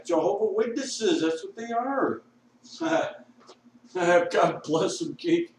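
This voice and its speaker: A man's voice: medium pitch, heavy reverb, far from the mic, slight background noise, poor audio. An intoxicated man rambling profanely with laughs, talking outdoors on a street corner. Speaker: vlogger.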